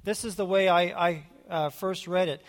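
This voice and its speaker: A man preaching to a church in a relaxed, talky way, often stopping and restarting his sentences. His voice sits a little high for a man, and a long reverb trails each phrase. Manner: conversational, halting with restarts. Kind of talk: sermon with personal testimony. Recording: hall reverb.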